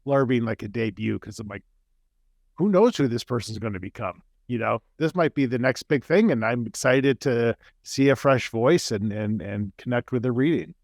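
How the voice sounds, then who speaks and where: A friendly podcast host and author runs a casual interview chat over a video call, asking curious questions with stammering restarts. His medium-pitched voice is creaky and darkish at a normal speed, recorded in studio quality with no room sound.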